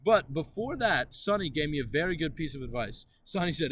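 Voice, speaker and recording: Casting: young male host, bright forceful tone, high-ish voice, rowdy profane storyteller, faint hiss behind. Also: expressive, brisk, hardly any pauses. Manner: loud, profane, laughing, acts out other people's voices. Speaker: podcast host. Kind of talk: crude comedic storytelling chat.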